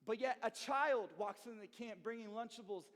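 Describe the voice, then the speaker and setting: A young man preaches to a youth group in an energetic, slangy storytelling style. His voice sits high. Long reverb from a big hall trails behind him. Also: fairly quick. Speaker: youth pastor. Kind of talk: sermon to youth.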